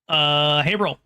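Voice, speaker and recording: A game master runs a tabletop horror game, halting and restarting phrases as he describes the scene and calls for rolls. The voice is mid-range, creaky and sharp in tone.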